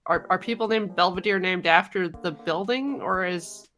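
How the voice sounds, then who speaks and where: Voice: mid-range voice, moderate pace, pushed and bright, faint music behind. A co-host on a casual stream, asking curious questions and making playful jokes. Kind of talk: casual chat.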